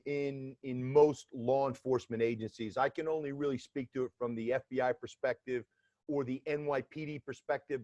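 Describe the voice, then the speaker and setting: A man's voice: mid-range voice, darkish tone, no echo, dull audio. A man in his fifties from Atlanta with a New York accent, a former federal agent talking as a podcast guest in a blunt, streetwise way with wry humor. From Atlanta, Georgia, US South. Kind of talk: casual interview talk.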